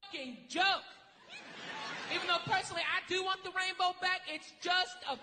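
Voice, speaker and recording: A woman performing a stand-up comedy routine, brash and profane, shouting her punchlines. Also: very high voice, fairly even intonation, moderate pace. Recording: noisy live club recording with loud crowd.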